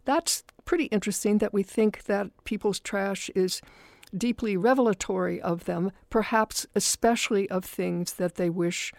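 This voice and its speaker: A woman's voice: medium pitch, moderate pace, gravelly, darkish tone, dry recording, clean studio sound. A woman philosophy professor, a guest on a radio talk show, explaining ideas in a reflective, wry, digressive way. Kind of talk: thoughtful conversational explanation.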